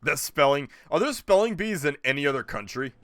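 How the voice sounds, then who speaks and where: A man's voice: a little high, expressive, a little fast. A man streaming a video game, rambling and joking with his chat as he plays. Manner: rambling, jokey, talks to chat. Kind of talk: casual gameplay commentary.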